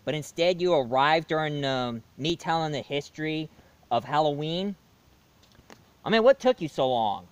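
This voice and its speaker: Brief: male storyteller host, rambling and chatty, fairly high voice with lively ups and downs. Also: moderate pace, clean tone. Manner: rambling, chatty, self-correcting. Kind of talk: casual spoken storytelling.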